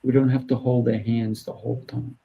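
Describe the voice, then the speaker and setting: A man's voice: mid-range voice, level tone, a little fast, vocal fry, husky, narrow, tinny audio. A man hosting an interview, talking in a firm coaching way and acting out little exchanges with kids. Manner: firm, coaching tone, acts out dialogue. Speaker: host and martial arts teacher. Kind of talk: casual interview chat.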